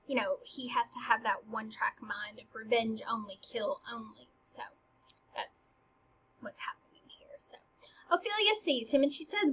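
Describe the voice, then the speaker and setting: A high-voiced woman with a husky edge teaches a classic scene in a chatty, animated way. She reads the lines dramatically and slips into hushed asides. The recording sounds dull and lo-fi. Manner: animated, slips into quoted lines and asides, drops to near-whispers. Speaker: teacher explaining Shakespeare. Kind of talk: casual lecture with dramatic readings.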